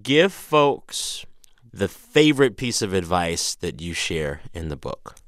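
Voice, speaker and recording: Lively, chatty male podcast host. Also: low-pitched, slow, no room sound, clean studio sound. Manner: friendly, chatty. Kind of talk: conversational interview and show outro.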